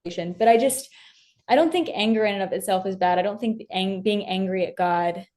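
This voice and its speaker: A woman's voice: medium pitch, normal speed, darkish tone. A young woman as an interview guest, talking earnestly and from the heart about her faith, with many fillers and restarts. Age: young adult.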